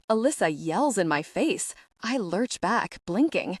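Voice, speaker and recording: A woman narrating a first-person romance audiobook in a wry, expressive way. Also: medium pitch, a little slow, slightly rough, no echo, studio quality.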